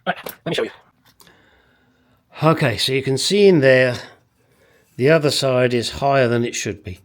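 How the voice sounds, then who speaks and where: A man's voice: medium pitch, moderate pace. A man working on a motorcycle in his garage, muttering to himself and swearing as he talks viewers through the job. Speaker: motorcycle restoration vlogger. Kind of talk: casual workshop commentary. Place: home garage workshop.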